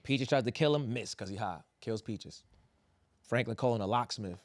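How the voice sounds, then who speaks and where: A young adult man on a podcast, recapping a TV finale in casual, profane, animated chat and acting out quotes. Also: mid-range voice, normal speed, no room sound. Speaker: podcast co-host.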